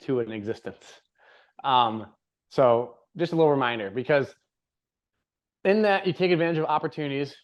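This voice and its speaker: A man's voice: medium pitch, moderate pace, long pauses. A young man hosting a podcast in casual chat, rambling and upbeat, laughing often. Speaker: podcast host. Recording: slightly dull lo-fi audio.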